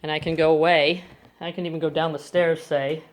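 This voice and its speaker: Calm woman dog trainer teaching at home. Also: low-pitched, a little fast, very noisy. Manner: coaxing praise to dogs between calm explanations. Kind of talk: instructional demonstration. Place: home bedroom, indoors. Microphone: phone camera.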